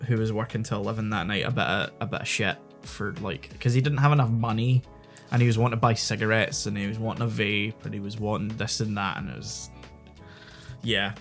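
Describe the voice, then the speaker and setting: A man's voice: lowish voice, steady tone, a little fast, a bit bright, soft background music. A man with a Scottish accent, a podcast host, animatedly retelling a story in casual chat, full of quoted dialogue and swearing. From Scotland.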